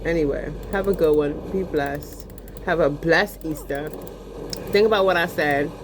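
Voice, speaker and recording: A woman talks in a loose, profane, animated way, with a fairly low voice. Faint keyboard typing sits under her speech. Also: a little slow, noisy background. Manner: profane, animated storytelling, lots of fillers. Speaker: vlogger. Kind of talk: casual rant while gaming.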